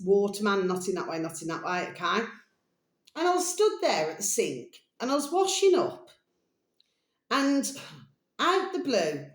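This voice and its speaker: Recorded in a roomy, echoey home room, a woman from England rambles through a casual monologue on her own channel in a mid-range voice. Her chat meanders away and returns again, and she affectionately addresses listeners as "my delicious babies."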